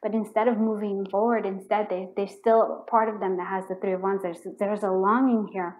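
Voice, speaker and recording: Woman doing a tarot reading to camera, mid pitch, rambly, says like a lot, mutters while pulling cards. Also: little pitch movement, moderate pace, low-quality recording. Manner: chatty and rambling, full of "like" and restarts; murmurs repeated questions while drawing cards. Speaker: tarot card reader.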